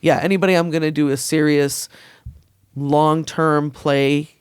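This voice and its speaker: Candid, laughing woman with a smooth voice. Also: low-pitched, fairly even intonation, no room sound, clean studio sound. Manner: candid, laughing, fast bursts. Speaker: podcast guest. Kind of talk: casual chat.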